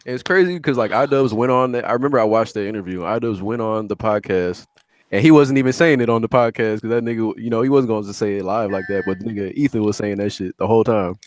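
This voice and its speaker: Fast-talking low-voiced young man. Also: no echo. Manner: fast, storytelling with quoted asides. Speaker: podcast co-host. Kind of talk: casual group chat.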